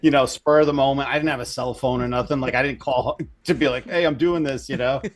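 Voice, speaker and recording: A man's voice: medium pitch, flat delivery, quick pace. A man talking as a guest in a casual podcast chat, loose and easygoing, swearing offhandedly. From Connecticut. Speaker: tattoo artist guest.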